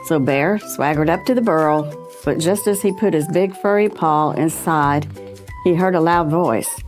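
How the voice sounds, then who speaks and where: Woman, low voice, children's book reading, gentle storytelling, faint music behind. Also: normal speed. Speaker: historical society president. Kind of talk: children's book read-aloud.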